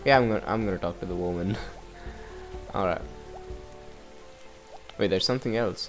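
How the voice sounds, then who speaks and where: A man's voice: sits low, moderate pace, pauses often, soft background music. A man casually playing a game, reading dialogue aloud and making jokes about it. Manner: casual, joking, laughs at himself. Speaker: gamer.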